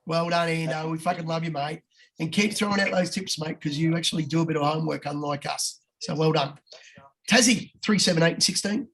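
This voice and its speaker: A man giving racing tips in casual, blokey chat, swearing freely. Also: a bit bright. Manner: blokey, swears freely, talks fast with quick jumps in pitch.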